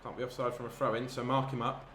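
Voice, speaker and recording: A man commentating on his own football video game match, chatty and easily excited, breaking into shouts at big moments. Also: medium pitch, quick pace. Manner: excitable, bursts into shouts at chances. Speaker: gaming commentator. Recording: echoey room with background noise.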